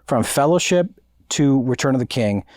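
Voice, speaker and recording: A man co-hosting a podcast, telling animated, self-mocking stories in casual chat. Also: mid-range voice, normal speed, no room sound, clean studio sound. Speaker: podcast co-host.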